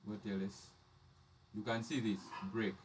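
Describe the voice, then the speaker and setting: A man's voice: on the low side, level tone, slow, distant mic, slight background noise. A man teaching trading charts step by step, often repeating and restarting his phrases. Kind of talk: live chart lesson.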